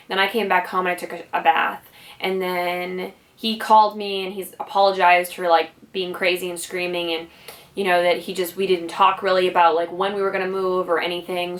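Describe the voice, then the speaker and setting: A woman's voice: fairly low pitch, a bit bright. A woman vlogger telling a personal story in a casual, rambling way, full of "like" and "you know". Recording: voice slightly distant from mic.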